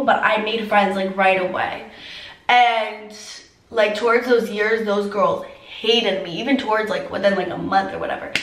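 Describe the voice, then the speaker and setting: A teenage girl vlogger telling a personal story through tears, filler-heavy and halting. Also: on the high side, a bit bright, roomy sound, far from the mic, low-quality recording. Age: teens. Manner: tearful, heavy use of "like". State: crying. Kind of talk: emotional storytime.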